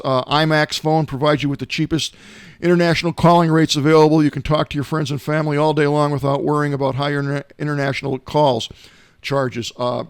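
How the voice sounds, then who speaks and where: A middle-aged man talks through gadgets and free apps in a loose, rambling way, with plenty of uhs. His voice sits a little high for a man. It sounds dry and close, recorded at home. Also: no echo. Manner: rambling, folksy, many filler uhs. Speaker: tech show host. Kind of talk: casual tech gadget talk. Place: home, not in the studio.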